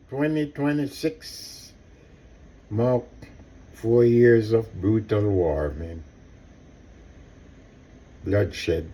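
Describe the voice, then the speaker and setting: A man delivers an impassioned personal monologue at an unhurried pace, his voice mellow and dark. He circles back on his points and calls out directly to his listeners. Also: lowish voice. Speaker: commentator.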